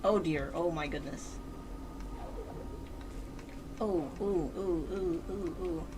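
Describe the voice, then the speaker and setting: A woman's voice: on the low side, slow, noisy background. A woman streaming a video game live, talking to her chat and the game character, shrieking and swearing at every death. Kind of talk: live gameplay commentary. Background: game music.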